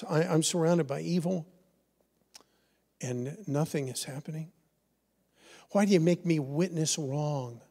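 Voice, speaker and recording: Animated male pastor in an echoing church. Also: a little high. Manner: animated, leads call-and-response with the congregation. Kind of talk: sermon. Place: church sanctuary. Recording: long church hall reverb.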